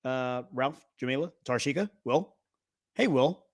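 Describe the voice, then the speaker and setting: An upbeat man hosts a live trading session, talking in a loose, playful, energetic way. He jokes with the people watching as he works through the charts. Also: mid-range voice, a little slow. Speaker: trading stream host. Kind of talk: casual live-stream chat.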